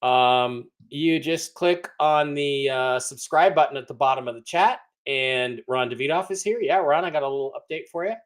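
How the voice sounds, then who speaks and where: A man's voice: mid-range voice, moderate pace, hardly any pauses. A man hosting a casual livestream, greeting viewers in the chat and teasing them in a rambling way. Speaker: livestream host.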